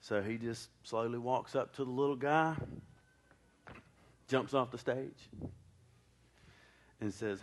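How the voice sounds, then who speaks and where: A male preacher telling a story from the pulpit in a folksy, conversational way. He tosses joking asides to the congregation between the beats of his story. His voice sits at an ordinary middle pitch for a man. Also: takes it slowly, pauses often, a little hiss or hum.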